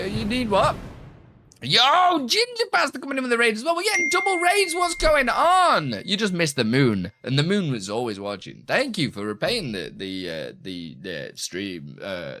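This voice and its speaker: A man's voice: medium pitch, sharp tone, slight background noise. A man chatting casually on a live stream and teaching streaming, rambling with many restarts.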